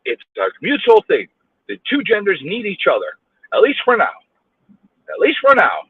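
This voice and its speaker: Man, in-car stream rant, stammering, husky, swooping pitch, tinny dry sound. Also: huge pitch swings, moderate pace, dry recording. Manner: rambling, stammering, bursts into yelling. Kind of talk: ranting while driving. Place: car in traffic.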